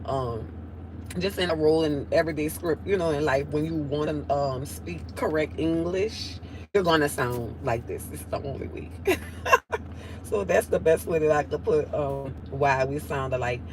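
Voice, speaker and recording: A woman's voice: low-pitched, normal speed, noisy background. Nasal New Orleans woman chatting live. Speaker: livestream host. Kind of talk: casual live chat reading comments.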